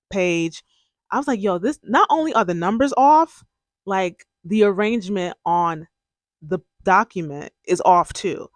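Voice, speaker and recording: Give me a young adult host telling their own story in a candid, emotional way, with a voice of ordinary middle pitch. They often act out what they said back then. The sound is dry and close, with no room echo. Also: a bit bright. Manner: candid and emotional, breaks into laughs and tears; relives moments by quoting their own past words. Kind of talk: casual personal storytelling.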